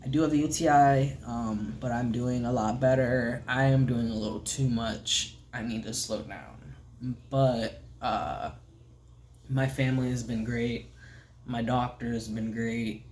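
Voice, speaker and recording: A man talks straight to his camera in a relaxed vlog update, his voice sitting at an ordinary middle pitch. He rambles gently, stacking up ums and restarts, and often lets his sentences sink to a quiet hush. A faint hiss runs underneath. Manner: soft-spoken, rambling, many fillers, often trails off to a hush. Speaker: vlogger. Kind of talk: casual recovery update vlog.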